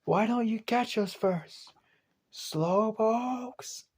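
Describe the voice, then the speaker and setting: A man voicing a quick-witted, cocky teenage boy hero who teases playfully. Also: high voice, a little mellow, breathy edge, voice pushed up, full character voice. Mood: teasing. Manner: teasing, playful.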